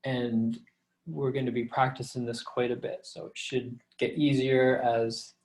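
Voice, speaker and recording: A middle-aged man lecturing as a professor over a slideshow, relaxed and conversational, with fillers, reading verse slowly to show its rhythm. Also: mid-range voice. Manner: reads verse lines slowly to show the meter.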